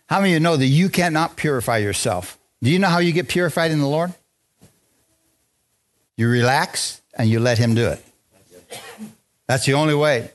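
A man preaching a lively, joking sermon in a church, drawing responses from the congregation. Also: a little high, brisk, long pauses. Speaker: pastor. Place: church sanctuary.

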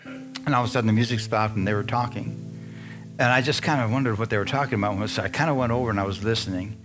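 Middle-aged pastor preaching over guitar. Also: male voice, lowish voice, quick pace. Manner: storytelling preacher, asks the congregation questions. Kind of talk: sermon. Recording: music playing under the voice. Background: guitar music.

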